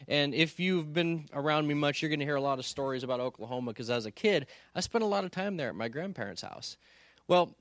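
A man telling a lively story with many restarts, building toward a lesson. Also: high-pitched, no room sound, studio quality. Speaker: speaker. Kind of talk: storytelling sermon.

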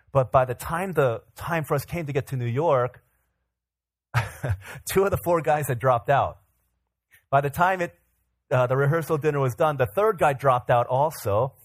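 A man preaching in a mid-pitched voice, telling a funny travel story to his congregation. He acts out the voices of the people in the tale. The sound is dry and close, with no room echo. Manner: animated anecdote-telling, acting out quoted voices. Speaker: pastor. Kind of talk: sermon storytelling. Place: church hall.

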